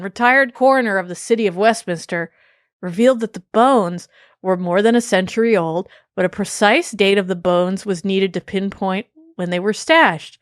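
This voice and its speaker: A woman's voice: mid-range voice, normal speed, clean tone, dry recording, clean studio sound. A woman hosting a podcast in casual chat, talkative, with swearing and laughing asides. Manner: chatty, swearing, laughing asides, many fillers. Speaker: podcast host.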